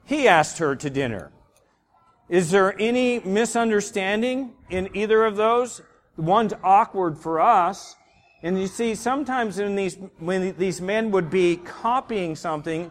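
A man leads a church Bible class in a slightly high voice, talking it through in a loose, explanatory way, stopping and restarting often. His voice trails off into the long reverb of a hall. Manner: casual, explanatory, with many fillers and restarts.

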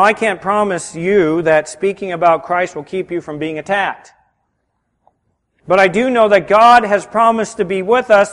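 A man preaching a sermon as pastor. He swings between loud, emphatic lines and hushed ones. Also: sits high. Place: church sanctuary. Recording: reverberant hall.

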